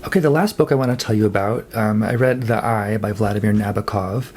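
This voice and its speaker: A man's voice: on the low side, fairly quick, a little mellow, slight background noise. A man talking casually about books he read, thinking aloud with fillers and self-corrections. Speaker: book vlogger. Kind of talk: casual monthly wrap-up talk.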